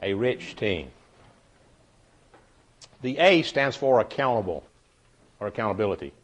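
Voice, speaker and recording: A man's voice: lowish voice, sing-song, unhurried. A middle-aged man leading a leadership workshop, telling homey stories and repeating key phrases for emphasis. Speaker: leadership trainer.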